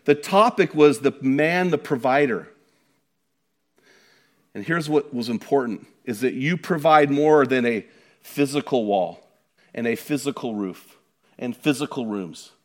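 A man's voice: medium pitch, measured pace, long pauses. A middle-aged man preaching a sermon, emphatic and conversational, with frequent rhetorical questions to the congregation. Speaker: pastor.

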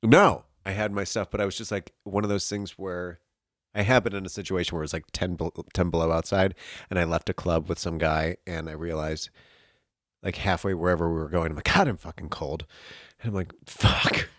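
A man in casual chat, telling a story in an animated, breathless way, with bursts of laughter and swearing. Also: low voice, fairly quick, no echo, clean studio sound.

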